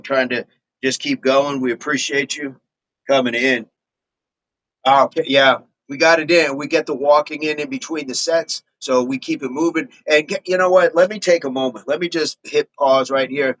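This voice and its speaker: A man's voice: medium pitch, a bit bright, poor audio. A man hosting a fitness livestream in casual chat, reading viewer comments in a laid-back, rambling way and chuckling often. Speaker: fitness channel host.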